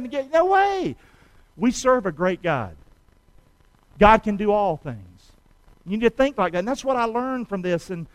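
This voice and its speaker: Man, middle-aged, from the United States, high-pitched, dry close sound, sermon, folksy storyteller, call and response. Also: dry recording, low-quality recording. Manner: folksy, storytelling, calls on the congregation to repeat after him. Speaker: preacher.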